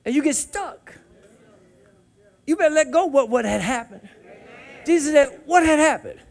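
Male preacher, very high pitched, swings from quiet to fervent shouts. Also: lively intonation, a little slow, vocal fry. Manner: call-and-response preaching, swings from hushed to shouting. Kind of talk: sermon.

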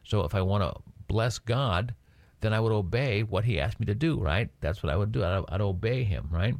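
A man with a somewhat low voice teaches scripture in a relaxed, conversational way. He keeps turning to his listeners with "right?" The sound is dry and close. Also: moderate pace, creaky, dry recording. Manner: frequent "right?" checks with listeners. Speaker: Bible teacher.

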